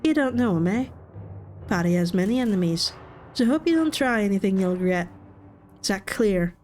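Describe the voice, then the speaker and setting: Woman doing a gruff Irish-ish gang thug. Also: medium pitch, animated, moderate pace, darkish tone, a little hiss or hum, natural voice. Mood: threatening. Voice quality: attempted Irish accent. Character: gruff Irish gang doorman, suspicious, bullying. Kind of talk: game voice acting.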